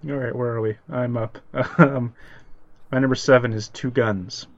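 A man's voice: medium pitch, steady tone, dry recording. Podcast co-host: man, dry understated humor, stop-start delivery, slightly dull recording. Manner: dry, halting, repeats words. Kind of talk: casual movie ranking chat.

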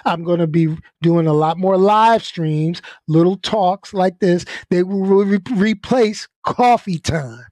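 A laid-back man with a fairly high voice talks bluntly to his viewers, repeating words as he goes and laughing between points. The sound is close and dry, with no room around it. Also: slow pace, few pauses, a little mellow, dry recording. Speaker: channel host. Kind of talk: casual venting talk.

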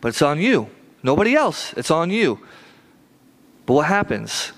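A man's voice: fairly high pitch, big pitch swings, measured pace, fairly bright tone, low-quality recording. A man preaching a sermon in a casual, conversational way, repeating phrases for emphasis and often asking "right?" to check in with listeners. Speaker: pastor.

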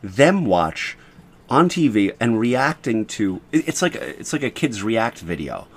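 Animated guy chatting. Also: on the low side, measured pace. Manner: animated, laughing, rambling. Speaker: podcast co-host. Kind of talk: casual chat.

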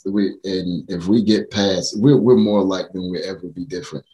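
A man's voice: low-pitched, steady tone, normal speed, mellow. A man chatting casually, explaining his views thoughtfully with down-to-earth examples. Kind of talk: casual chat. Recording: roomy echo.

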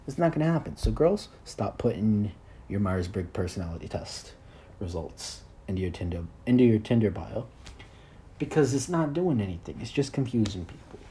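A man's voice: on the low side, sing-song, moderate pace, warm tone, slight background noise. A man in his early twenties hosting a solo podcast, rambling in a crude, self-deprecating way. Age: 20s. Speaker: podcast host.

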